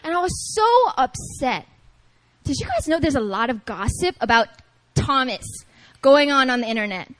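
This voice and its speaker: A woman preaching at a prayer meeting, talking to the congregation in an animated, playful way and calling on them to respond. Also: high voice, normal speed, low-quality recording. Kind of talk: lively conversational sermon.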